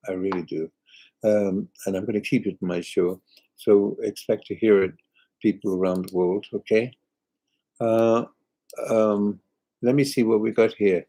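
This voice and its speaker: A man's voice: fairly low pitch, fairly even intonation, normal speed, dark tone, slightly rough, poor audio. An older British man, a singer hosting a live chat, reading viewer comments aloud in a chatty, rambling way. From Britain.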